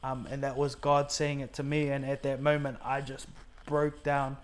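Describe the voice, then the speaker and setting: A man's voice: mid-range voice, completely flat delivery, moderate pace. Nz guy in his 30s, earnest, telling his testimony, acts out what everyone said, lots of ums. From New Zealand. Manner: earnest, acts out his own and others' quoted words, many fillers. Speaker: guest sharing a faith testimony. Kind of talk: personal storytelling in conversation.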